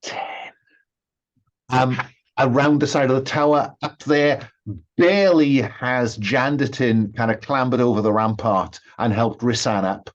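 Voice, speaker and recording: A man runs a tabletop game session, narrating scenes and calling for rolls in a halting way, full of ums and restarts. His voice sits in a middling range and comes through dull, lo-fi call audio. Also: mid-range voice. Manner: hesitant, many ums and restarts. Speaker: game master.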